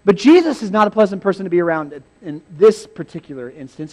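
A male pastor giving a sermon, telling a Bible story in a lively, humorous way. He laughs often and acts out scenes with sudden shouts. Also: sits high, a little fast, few pauses.

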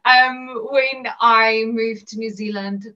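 A woman's voice: fairly high pitch, steady tone, slow, bright, forceful tone, far from the mic, dull audio. A woman from South Africa with an Afrikaans-tinged accent, chatting casually as an interview guest with lots of ums and little laughs. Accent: Afrikaans-influenced South African English. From South Africa, Bloemfontein. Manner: chatty and self-deprecating, many ums and laughs.

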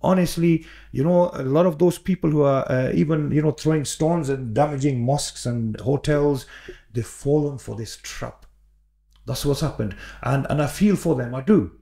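Earnest gravelly man, dark tone. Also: a little high, normal speed. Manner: earnest, repeats words, many fillers and restarts. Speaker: podcast guest, imam. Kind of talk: casual podcast conversation.

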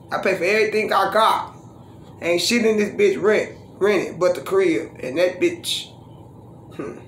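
A woman vlogs casually in her living room and breaks into profane, boastful freestyle raps. Her voice is fairly low, and the home recording has a roomy echo with slight background noise.

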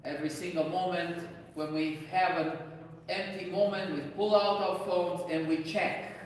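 High-pitched and steady at normal speed, a Romanian-accented priest in his forties delivers a conversational parish lecture with a few restarts. The recording is distant in a large, echoey church hall, with slight background noise.

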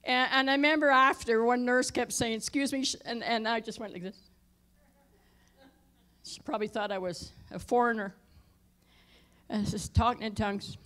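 A middle-aged female pastor recounts something from her own life as part of a sermon in a church sanctuary, lowering her voice at tense points and raising it loudly to stress key moments.

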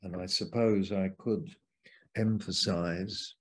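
A man preaching as a Bible teacher over a video call, slow and fervent, leaning hard on key words. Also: deep voice, steady tone, breathy edge.

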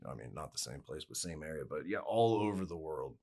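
Deep-voiced guy on a podcast, rambly storyteller, lots of ums and cussing. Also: animated, a little fast, a little mellow. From United States. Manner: rambling storyteller, swears casually, many fillers. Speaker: podcast guest, musician. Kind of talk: casual chat.

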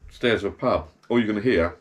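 In a fairly low voice and at a fast clip, a man vlogs from his backyard garden bar, rambling through anecdotes from the pub. The talk is chatty and meandering, blokey in style, with frequent self-corrections.

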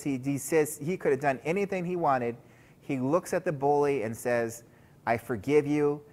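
Animated man giving a children's chapel talk. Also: fairly high pitch. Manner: storytelling, addresses listeners as guys. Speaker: chapel speaker for school children.

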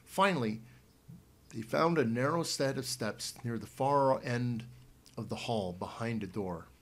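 A man reading a children's book aloud in a steady storytelling manner with small restarts. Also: mid-range voice, unhurried. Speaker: reader.

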